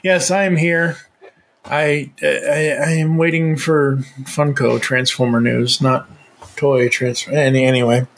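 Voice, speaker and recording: A man's voice: mid-range voice, little pitch movement, measured pace, slight background noise. A man in his thirties co-hosting a casual podcast, rambling and opinionated. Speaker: podcast co-host.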